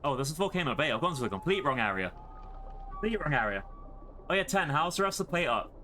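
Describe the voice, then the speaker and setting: A man's voice: a little high, very animated, quick pace, sharp tone, slight background noise. A British man streaming a game live, chatting playfully and rambling to his chat.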